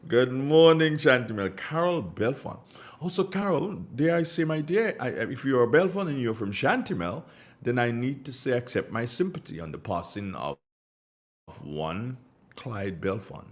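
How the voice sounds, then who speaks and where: A man's voice: mid-range voice, unhurried. A Grenadian man hosting a radio show, greeting listeners and telling stories in a casual, colloquial way. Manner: animated storyteller with Caribbean colloquial phrasing. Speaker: radio host. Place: radio studio.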